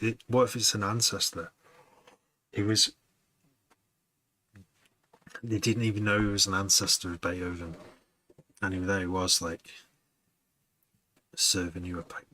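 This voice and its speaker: Low-voiced, bright-toned man chatting. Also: level tone, normal speed, a little hiss or hum. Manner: rambling, laughs often, muses aloud. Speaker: music producer streaming to chat. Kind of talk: casual chat with livestream viewers.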